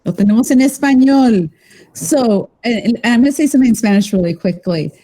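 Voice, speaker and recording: Woman host, effusive and rambling, mellow timbre. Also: a little high, animated, a little fast, rough recording. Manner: effusive, rambling, warmly enthusiastic. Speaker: podcast host. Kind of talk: casual interview chat.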